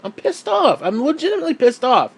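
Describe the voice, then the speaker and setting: Angry gamer guy with a higher-pitched voice, profane ranting monologue, recorded at home. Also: wildly swooping pitch, a little fast, creaky, slightly rough. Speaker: gaming YouTuber. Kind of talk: angry gaming rant.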